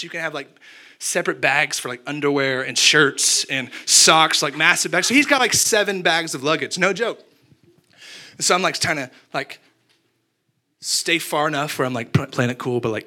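A man's voice: fairly high pitch, sharp tone. A young man preaching, telling a self-mocking story and acting out his own thoughts. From Abilene, Texas. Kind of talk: storytelling sermon.

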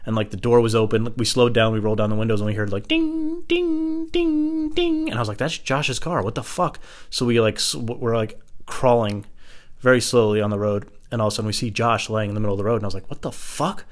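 A man's voice: lowish voice, rapid-fire. A young man casually telling wild stories, cursing a lot and mimicking his friends' voices. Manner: swearing, animated, acts out friends' voices. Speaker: storyteller. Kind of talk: casual storytelling.

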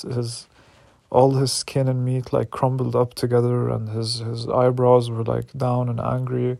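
A man with a medium-pitched, darkish voice and some vocal fry works through raw anger and doubt in a personal, reflective monologue. He keeps restarting his sentences, swears often, and sounds like he is searching for answers. The recording is dry.

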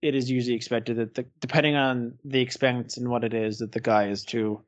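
A man's voice: mid-range voice, fairly even intonation, brisk, dry recording. A man co-hosting a podcast, talking frankly and rambling in casual chat. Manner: rambling, frank, loose with swearing. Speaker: podcast co-host.

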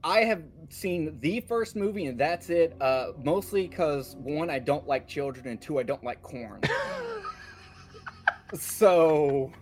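A man's voice: on the high side, slow, darkish tone. A man chatting casually as a guest on a podcast, laid-back and joking. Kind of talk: casual chat.

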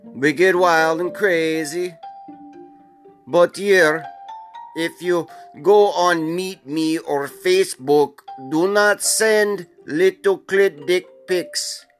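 A man putting on a loud, blunt Russian guy. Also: high-pitched, drawn-out words, faint music behind, pitched above the performer's own voice. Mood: blunt, scolding. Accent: fake Russian. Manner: loud, blunt, broken English. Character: brash crude Russian man giving a warning. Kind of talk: comic public service announcement.

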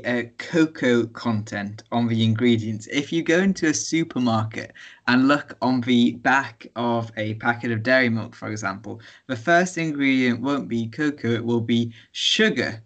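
A man's voice: medium pitch, normal speed, a bit bright. A young man co-hosting a casual podcast chat, talking in a thoughtful, easygoing way. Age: young adult. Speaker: podcast co-host.

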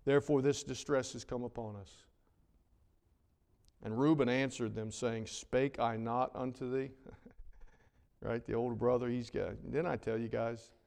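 A man preaching a sermon, swinging between loud emphatic lines and hushed, drawn-out words. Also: medium pitch, steady tone, vocal fry. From North Carolina. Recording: long reverb of a large hall.

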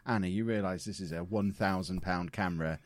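A man's voice: sits low, a little fast, no echo. A man co-hosting a podcast, teasing his co-host in casual chat. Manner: dry teasing.

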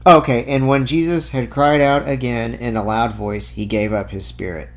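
Reading Bible passages in an informal apologetics talk, a Christian apologist speaks with a steady, medium-pitched voice at a moderate pace. He keeps pausing for casual asides, peppered with fillers.

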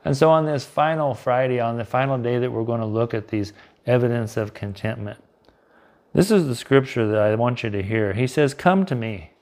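A man preaching a devotional sermon, earnest, rising loud on key lines and dropping soft and quiet on others. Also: medium pitch, normal speed. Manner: earnest, swells loud then drops soft.

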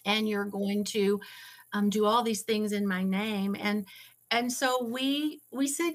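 A woman's voice: medium pitch, steady tone, takes it slowly. A woman being interviewed, telling her story in an earnest, emotional way and fighting back tears. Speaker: ministry founder and guest.

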